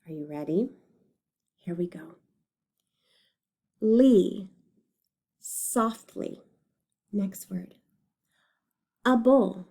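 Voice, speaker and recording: A woman teacher leads young children through a reading lesson at an unhurried pace. Her voice is mellow and soft-edged, and she speaks patiently and encouragingly, sounding out each word carefully. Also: medium pitch, expressive, vocal fry, slightly rough. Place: recorded lesson video.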